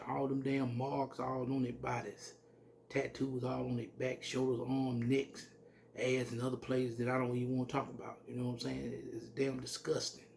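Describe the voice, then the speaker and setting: A man giving an informal scripture teaching, reading verses slowly and then commenting bluntly with salty language. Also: mid-range voice, creaky, a little mellow, slight background noise. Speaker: religious teacher.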